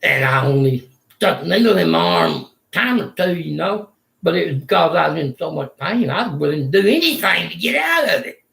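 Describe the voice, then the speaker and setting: A man's voice: a little high, big pitch swings, fairly quick, gravelly, fairly bright tone, roomy sound. An older man, ranting angrily and profanely in a rambling vlog monologue from a room in a retirement home. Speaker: vlogger.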